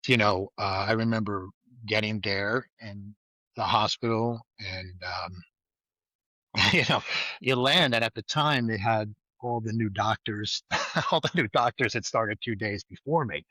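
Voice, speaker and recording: A man with a bright, forceful voice tells a story as a podcast guest. He talks in a lively, casual way, laughs often, and slips into the voices of the people in his story. The sound is close and dry. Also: on the low side, husky, no room sound. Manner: animated storyteller who laughs often and acts out quoted lines. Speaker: guest, former state trooper.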